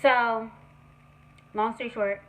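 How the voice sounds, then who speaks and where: Bright-voiced young woman telling a story. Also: on the high side, takes it slowly, rough recording. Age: young adult. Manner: animated, profane, conversational. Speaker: vlogger. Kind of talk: story time vlog.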